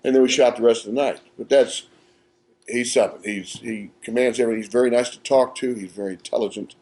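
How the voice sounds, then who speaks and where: A man, an actor guest, telling set stories with animated delivery and acting out quotes, recorded at a live podcast in a small theatre. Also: medium pitch, fast. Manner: animated, acts out quotes with laughter. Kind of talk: casual anecdotal storytelling.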